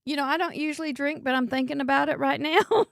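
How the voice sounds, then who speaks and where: A woman's voice: sits high, fast, creaky, a bit bright, dry recording, studio quality. A woman hosting a live crafting show, chatting in a bubbly way and laughing often while she works. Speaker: host. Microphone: headset earbud.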